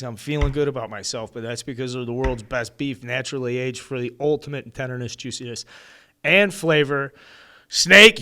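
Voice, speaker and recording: Excitable rambling male podcast host. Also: medium pitch. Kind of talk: casual sports podcast chat with ad read.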